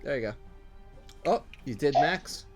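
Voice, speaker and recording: A man's voice: medium pitch, expressive, unhurried, soft background music. A man narrating a tabletop game as game master, rambling casually with restarts. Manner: rambling, many ums and restarts.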